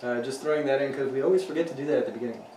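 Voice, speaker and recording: Cursing podcast host in an echoey room. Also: male voice, medium pitch, racing. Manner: profane, laughing, animated banter. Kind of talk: casual chat. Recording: echoey room, mic at a distance, faint hiss.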